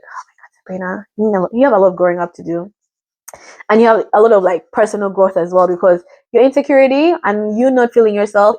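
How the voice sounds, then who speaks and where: A woman's voice: medium pitch, darkish tone, dry recording, muffled recording. Chatty rambling woman from Africa. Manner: rambling, chatty, often mimics what others said. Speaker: reality show reactor. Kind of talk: casual chat.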